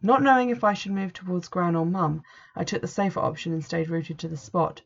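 Measured woman storyteller, low and gravelly, muffled recording. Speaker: narrator. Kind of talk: first-person story reading. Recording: dull lo-fi recording.

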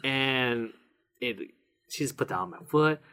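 A young man, co-host of a casual chat podcast, telling a personal story in an animated way and laughing often. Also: mid-range voice, a little slow, gravelly, clear, resonant tone.

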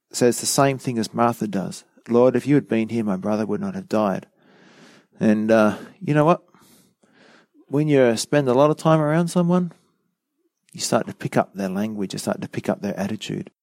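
Male preacher, low gravelly voice, chatty teaching sermon, dry close sound. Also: animated, moderate pace, darkish tone, no echo. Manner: conversational teaching with frequent fillers.

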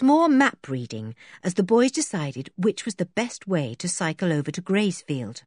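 Expressive storybook narrator, woman, husky and lively. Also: on the low side, normal speed, hardly any pauses, no room sound, clean studio sound. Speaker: audiobook reader.

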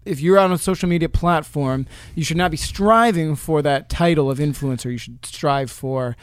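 A man co-hosting a casual faith podcast, speaking passionately and slowing down to stress his points. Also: on the high side, clear, resonant tone, no echo. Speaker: podcast co-host.

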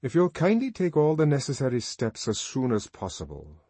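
A man's voice: medium pitch, wildly swooping pitch, normal speed, dark tone, breathy edge, no echo, pitched above the performer's own voice, full character voice. A man voicing a nervous, self-important young official in an audiobook, stiff and fussy in manner. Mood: formal.

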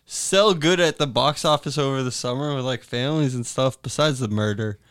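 A man's voice: mid-range voice, a little fast, a bit bright, clean tone, no room sound. A young man joking with friends in casual banter during a group game. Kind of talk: casual chat.

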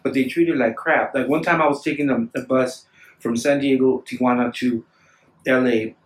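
A man telling stories in casual chat, rambling and animated, acting out the voices of people he quotes. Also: medium pitch, moderate pace. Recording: echoey room, distant mic.

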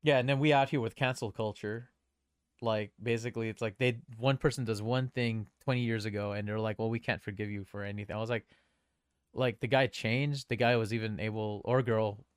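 A young man chatting on a podcast, a rambling, animated storyteller who restarts his sentences often. His voice sits mid-range and sounds close and dry, with no room around it. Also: mid-range voice, moderate pace, smooth, no echo. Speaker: podcast co-host. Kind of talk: casual chat.

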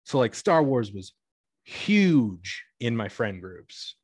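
A young man in his twenties telling stories about his cashier work in a rambling, casual way, full of "like" and restarts, and acting out the people he quotes with sudden high-pitched bursts and laughs. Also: sing-song, slow, breathy edge, no echo. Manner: rambling, many "like" fillers and self-corrections. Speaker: retail cashier. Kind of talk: casual storytelling chat.

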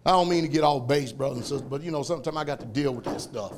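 A man preaching a fiery sermon, shouting and laughing as he tells stories. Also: medium pitch, very fast, slight background noise. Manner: loud, shouting, laughing, animated storytelling.

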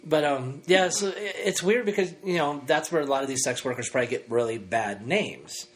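A man's voice: medium pitch, brisk. A man hosting a podcast, talking in a loose, rambling, self-mocking way in casual chat. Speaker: podcast host.

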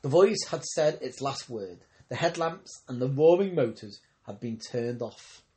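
A man with a mid-pitched, ordinary voice reads a novel aloud. He narrates steadily, but he trips over the odd word and goes back to fix it. It sounds like an amateur audiobook reading. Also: animated, measured pace, mellow. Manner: reads with occasional stumbles and self-corrections. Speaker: audiobook reader. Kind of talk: scripted narration.

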